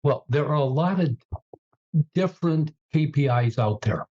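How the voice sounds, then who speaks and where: A man in an interview, telling business stories in a measured way with frequent fillers. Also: on the high side, animated, darkish tone, dull audio. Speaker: guest, turnaround CEO. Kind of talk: interview storytelling.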